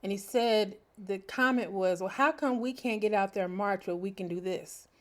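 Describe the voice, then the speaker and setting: A woman's voice: mid-range voice, normal speed. A middle-aged woman hosting her own podcast, talking reflectively and expressively. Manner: expressive, animated, breaks into laughter and sings snatches. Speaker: podcast host. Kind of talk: reflective solo podcast talk.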